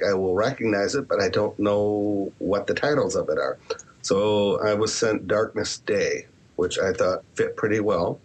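A man's voice: on the low side, breathy edge. A man who writes horror and podcasts, answering interview questions in a candid, rambling way with self-deprecating asides. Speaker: author and podcaster.

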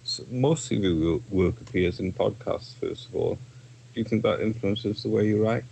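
A man's voice: on the low side, normal speed, vocal fry, a little mellow, breathy edge, poor audio. A man interviewing an author, asking casual questions with a laugh, with faint background noise.

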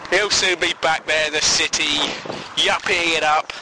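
A man's voice: a little high, steady tone, moderate pace, very noisy. A man rambles through a comic monologue, swearing and laughing at his own jokes.

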